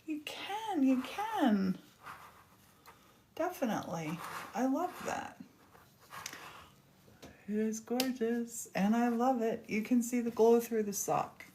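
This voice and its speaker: A woman's voice: on the high side, animated, slow, long pauses, dark tone, slight background noise. A woman hosting a casual crafting demonstration, chatty and gushing as she works. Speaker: craft host.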